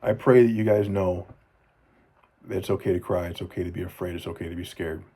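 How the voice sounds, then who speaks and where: A man in his forties speaking earnestly to his children in a personal video journal, repeating phrases for emphasis and often dropping to a soft voice. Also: steady tone, a little fast, slightly rough. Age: 40s. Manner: earnest, heartfelt, often drops to a soft low voice.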